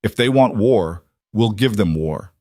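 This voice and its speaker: A man reading a storybook aloud, voicing a hot-headed male council member speaking in an angry, rushed way. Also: fairly low pitch, expressive, mellow, no room sound. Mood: furious.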